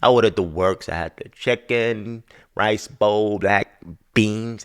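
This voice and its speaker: A man on his podcast, ranting through a story about poor service with lots of swearing. His pitch swings widely and his voice has a bright, forceful edge. He talks loosely and casually, like he is with friends. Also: slow, smooth. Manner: profane, animated, exasperated storytelling. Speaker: podcast host.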